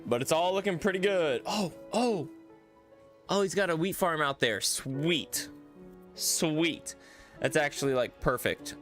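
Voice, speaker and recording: A man's voice: medium pitch, a bit bright. A man casually chatting and rambling with fillers while live streaming a game and greeting viewers. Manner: rambling, easygoing, many fillers.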